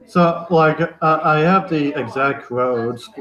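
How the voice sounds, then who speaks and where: A man talking haltingly in a casual chat with friends, with many fillers and restarts. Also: on the high side, bright, forceful tone. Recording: roomy, dull lo-fi sound.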